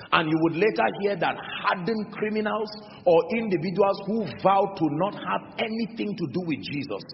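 A man's voice: a little high, vocal fry. A Nigerian pastor preaching a sermon to his congregation, building emphasis through repeated phrases and questions to the crowd. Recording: dull lo-fi recording in a large reverberant hall with faint noise.

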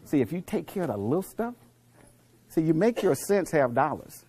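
A middle-aged man giving a motivational speech to a live audience, telling coaching stories and quizzing the crowd, dropping to low murmurs and then rising to loud punchlines. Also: sing-song, moderate pace, slightly rough. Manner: preachy storyteller, asks the crowd questions, swings from low murmurs to loud punchlines. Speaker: motivational speaker.

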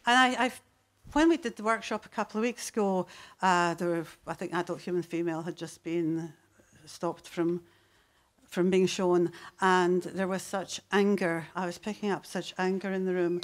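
A woman's voice: fairly low pitch, steady tone. Woman poet reading aloud. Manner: slow, deliberate recitation with sudden intense bursts. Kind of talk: poetry reading on stage. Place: live venue before an audience.

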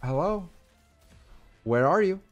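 A young male streamer narrating his own game in a casual, animated way. His pitch leaps around as he swings from quiet muttering to loud, excited outbursts, with faint music behind him. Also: slow, dull audio.

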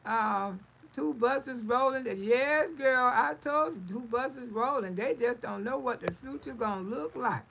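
A middle-aged woman hosts a casual live stream and reads her viewers' comments aloud. Her voice is gravelly and bright, and she speaks at an unhurried pace. She is blunt and salty and laughs often. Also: on the high side, a little hiss or hum, poor audio.

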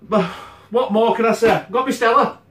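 A man's voice: very high-pitched, moderate pace, fairly bright tone. A man, host of a home cooking channel, chatting bluntly to camera and swearing constantly. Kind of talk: casual sweary to-camera chat. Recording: echoey room.

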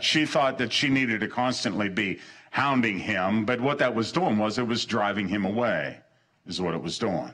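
A man's voice: on the low side, a bit bright, breathy edge. Earnest male pastor preaching. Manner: earnest preaching, repeats short phrases for emphasis; stumbles and restarts mid-sentence. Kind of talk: sermon.

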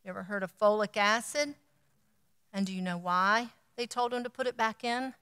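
A woman speaks to a gathered audience in a bright, smooth, fairly high voice. Her delivery is lively and she acts out the dialogue in her stories. A long hall reverb trails each phrase. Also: moderate pace. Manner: animated, acts out quoted dialogue. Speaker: guest speaker. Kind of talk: storytelling talk to an audience.

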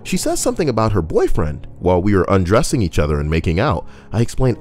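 A man's voice: low-pitched, huge pitch swings, a little fast, hardly any pauses, a little mellow. A man doing comedic commentary as a streamer reading online posts, crude and jokey, slipping into silly voices and singing.

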